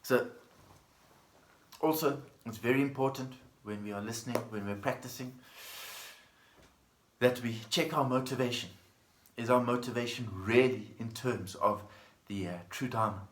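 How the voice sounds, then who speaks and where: A man teaching a dharma talk as a Buddhist teacher, speaking gently in a storytelling manner and repeating plain phrases. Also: medium pitch, moderate pace. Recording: echoey room.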